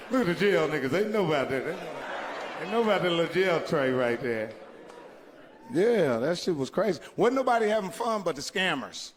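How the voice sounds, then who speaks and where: A man telling profane stand-up stories with a slightly high, laughing delivery, slipping into other people's voices as he goes. His voice rings with long reverb, and steady noise sits under it. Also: a little fast. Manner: loud, laughing, acts out voices. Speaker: stand-up comedian. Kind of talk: profane storytelling comedy.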